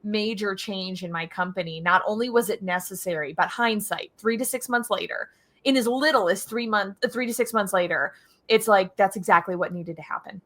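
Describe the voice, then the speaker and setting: A woman guest on an interview, an agency owner telling stories in a casual, animated and energetic way. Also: mid-range voice, normal speed.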